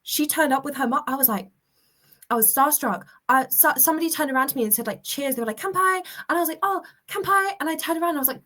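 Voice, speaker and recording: Woman, guest on a casual podcast chat, chatty storyteller, higher voice. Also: rapid-fire, sharp tone. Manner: chatty storyteller with many restarts.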